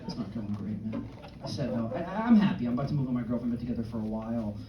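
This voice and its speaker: A man's voice: medium pitch, rapid-fire, muffled recording, over a noisy crowd, very noisy. A man in his early thirties performing a brash, crude stand-up set in a comedy club, with punchy outbursts. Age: early 30s. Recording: roomy club sound from a distance with audience. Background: audience laughter and club ambience.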